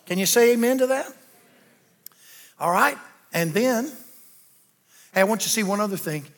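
An older man preaching a sermon, animated and calling out to the congregation for responses. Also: high-pitched, normal speed. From American South. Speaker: pastor.

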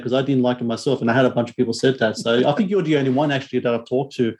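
A man's voice: medium pitch, very fast, a little mellow. A man co-hosting a casual chat about horror films, rambling with many ums and restarts. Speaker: podcast co-host, horror film reviewer.

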